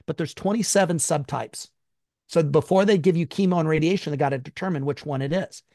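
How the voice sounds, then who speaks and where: A high-strung man speaks bluntly and with force, swearing freely as he tells his own story in an interview. His voice sits a little high for a man. The sound is close and dry, with no room echo. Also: fairly quick, darkish tone. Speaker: guest.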